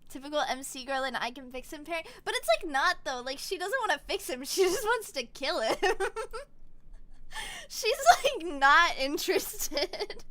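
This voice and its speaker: A young woman streamer chatting casually, retelling things in an animated way with quick little voices and giggles. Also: high voice. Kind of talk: casual chat.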